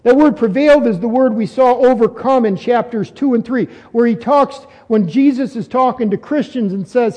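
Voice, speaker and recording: A man's voice: very high voice, moderate pace, a little mellow, big-room sound, highs cut off. A man preaching an expository sermon, earnest and repeating phrases for emphasis as his voice rises on key points.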